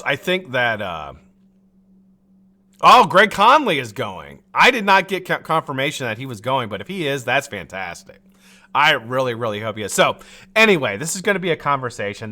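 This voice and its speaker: On his live stream, a man vents in a heated rant, cursing freely, restarting sentences, and chuckling at his own jokes as he rambles. His voice is medium-pitched and sing-song, pushed and bright, at a moderate pace.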